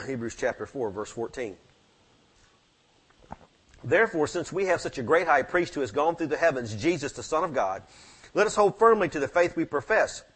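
A man pastor preaching a sermon in a church, fervent, swinging between loud peaks and quiet asides. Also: on the high side, big pitch swings, moderate pace, pauses often, husky. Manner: fervent preaching that rises and drops sharply. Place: church sanctuary with amplified mic.

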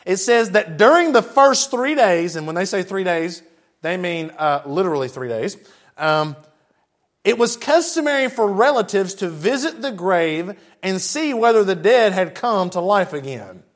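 A man's voice: high-pitched, lively intonation, measured pace. A man preaching a sermon, reading scripture aloud and breaking off for chatty, conversational asides to his congregation.

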